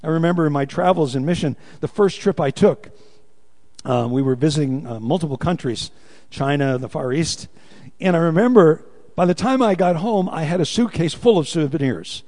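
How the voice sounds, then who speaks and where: A man's voice: on the high side, animated, normal speed, mellow. Man preaching in a reverberant hall. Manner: storytelling, asks the congregation questions and leads them in call-and-response. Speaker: pastor. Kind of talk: sermon.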